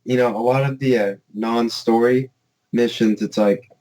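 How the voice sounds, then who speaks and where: A man's voice: mid-range voice, fairly even intonation, normal speed, a little mellow, poor audio. A man co-hosting a casual podcast, recounting things in a rambling way full of fillers. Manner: rambling, many fillers like "like" and "you know". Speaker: podcast co-host. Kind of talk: casual chat.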